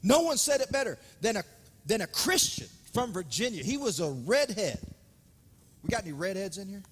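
A man preaching a sermon with dramatic swings between loud emphasis and hushed asides. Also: high-pitched, big pitch swings, normal speed, slightly rough. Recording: reverberant hall, speaker off-mic at times.

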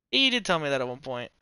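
A male streamer giving casual live commentary over a hockey game, excitable and swearing freely. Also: fairly high pitch, clear, resonant tone, dry recording.

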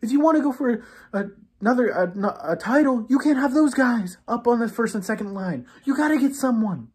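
A woman who hosts a sports fan channel delivers an exasperated, scolding rant, shifting between low muttering and loud outbursts. Her husky voice has a darkish tone, and she sounds animated and brisk.

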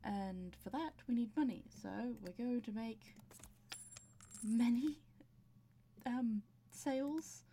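A woman's voice: on the high side, expressive, takes it slowly, pauses often, dark tone, a little hiss or hum. A woman casually commenting on her game, chatting to her characters and laughing often, with audible breathing. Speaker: gameplay commentator.

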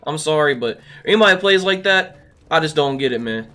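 A man narrates his own gameplay with a high, swooping voice that leaps up whenever he gets excited. He sounds a little under the weather, and he trash-talks opponents freely. Soft music plays underneath. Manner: excitable, trash-talking, quick laughs. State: a little sick. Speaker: gaming YouTuber. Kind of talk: live gameplay commentary. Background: faint background music.

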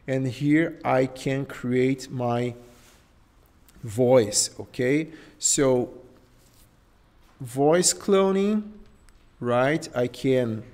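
A man with a Portuguese accent walks through a live tutorial at a slow, unhurried pace, his pitch sitting in an ordinary middle range. He talks his steps through aloud, checking in with listeners with "okay?" and "right?" as he goes. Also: a little mellow. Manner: thinks aloud, tags phrases with "okay?" and "right?". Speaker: host. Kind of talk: live screen-share tutorial.

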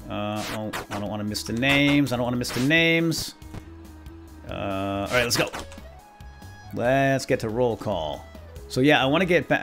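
A man chatting his way through a video game as a let's play host, talking to himself and chuckling often. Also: fairly low pitch. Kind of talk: gameplay commentary.

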